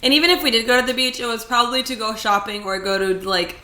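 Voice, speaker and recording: Animated bright-voiced young woman, echoey room. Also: a little high, fast, a little hiss or hum. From California. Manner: animated, swearing, laughing often. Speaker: podcast co-host. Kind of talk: casual chat.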